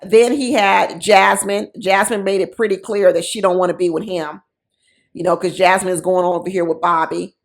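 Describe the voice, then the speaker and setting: A woman's voice: on the low side, steady tone, normal speed. A woman giving casual, sassy commentary on a reality show, mocking the people in it with quoted voices.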